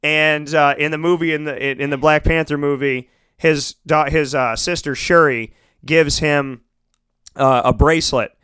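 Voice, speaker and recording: A man with a bright, crisp voice tells a family story on air, rambling and animated, doubling back on himself mid-sentence. His voice sits a touch high for a man, and the sound is dry and close. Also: a little slow, no echo. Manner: animated, rambling, lots of restarts and fillers.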